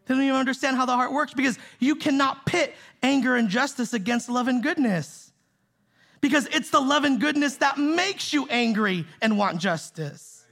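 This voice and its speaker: A man's voice: very high voice, normal speed, fairly bright tone. A man preaching a sermon as pastor, emphatic and conversational, repeating key phrases and checking in with "right?" and "see?". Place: church in the Bay Area.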